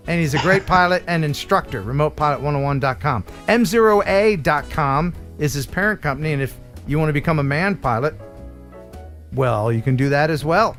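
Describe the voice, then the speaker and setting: An American man hosting a casual livestream with a slightly raised pitch. He chats loosely, jokes with his co-host, and reads sponsor spots like an eager pitchman. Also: fairly quick, a bit bright, faint music behind. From United States. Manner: chatty, joking, enthusiastic pitchman.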